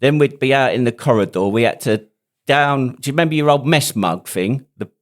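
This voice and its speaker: A man's voice: medium pitch, animated, fairly quick. A man, a podcast host and army veteran telling stories in casual, laughing banter. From United Kingdom. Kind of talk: casual chat.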